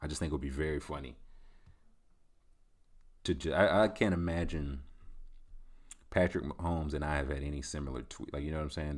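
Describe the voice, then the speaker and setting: A male podcast host riffing alone in a loose, joking, boastful manner. His voice sits very low and heavy. He treats his commentary like a comedy bit. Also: darkish tone.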